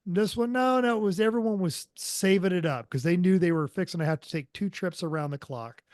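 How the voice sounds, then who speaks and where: A man co-hosting a motoring podcast in a loose, rambling way, stopping often for fillers and little asides. His voice sits a bit high for a man. It sounds close and dry, with no room around it. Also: fairly quick, a little mellow, dry recording. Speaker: podcast co-host. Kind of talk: casual chat.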